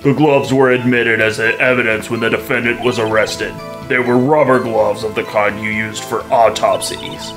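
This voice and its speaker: A haughty, icy male prosecutor, read aloud by a man playing through a game, speaks with dry, mocking disdain. His voice sits at an ordinary middle pitch, with faint game music underneath. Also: steady tone, normal speed, hardly any pauses, fairly bright tone, close to an everyday voice. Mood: smug. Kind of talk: reading game dialogue aloud.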